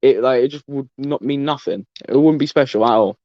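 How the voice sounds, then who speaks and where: A man's voice: mid-range voice, brisk, darkish tone, dry recording, lo-fi sound. A man hosting a casual podcast, rambling and swearing with many stumbling restarts. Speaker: podcast host.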